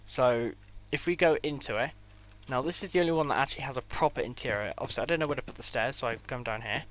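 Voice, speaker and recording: A man's voice: medium pitch, fast talker, fairly bright tone, a little hiss or hum. A man giving a casual, rambling tour of his game builds, with offhand delivery and dry sarcastic asides. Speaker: gaming creator.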